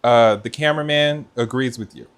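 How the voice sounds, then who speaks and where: A man hosts a live cooking stream from a kitchen in a relaxed, chatty way, turning to his viewers and reading out their comments as he works. His voice sits at an ordinary middle pitch. He speaks into a mic with noise cancellation. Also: moderate pace, smooth. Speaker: cooking livestream host. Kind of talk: casual live chat while cooking.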